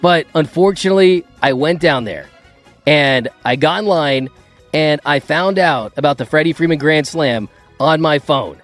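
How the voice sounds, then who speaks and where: A middle-aged man hosting a sports talk show, telling lively stories in a casual, animated way. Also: normal speed, faint music behind. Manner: animated, acts out his own past outbursts in a higher voice. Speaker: sports podcast host. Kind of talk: casual storytelling chat.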